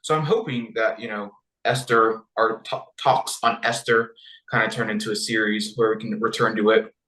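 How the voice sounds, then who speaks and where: A man's voice: on the low side, steady tone, normal speed, pushed and bright, roomy sound, poor audio. A man co-hosting a podcast, talking in a rambling, casual way full of fillers. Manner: rambling, heavy use of fillers like "you know" and "like". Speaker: podcast co-host. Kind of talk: casual discussion.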